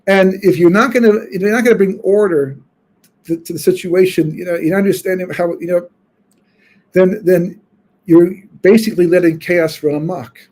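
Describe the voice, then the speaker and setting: A rabbi with a high, slightly mellow voice gives a weekly Torah class at normal speed. He teaches conversationally, telling stories informally and thinking aloud with frequent restarts.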